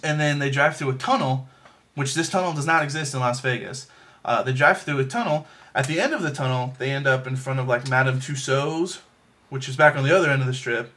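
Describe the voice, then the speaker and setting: A man's voice: medium pitch, brisk, bright, forceful tone. A man casually reviewing a movie, rambling with lots of fillers and restarts and making self-deprecating jokes. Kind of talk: casual chat.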